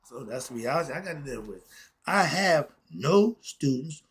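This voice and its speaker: A husky man with a slightly high voice delivers an impassioned solo talk. He is emphatic, rambling and blunt, and he curses often. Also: expressive, moderate pace. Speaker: self-styled philosophy teacher.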